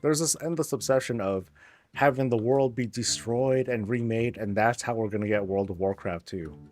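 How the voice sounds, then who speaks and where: A man's voice: medium pitch, normal speed, a little mellow. A man streaming, chatting casually, rambling and joking, swearing freely. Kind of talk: casual chat.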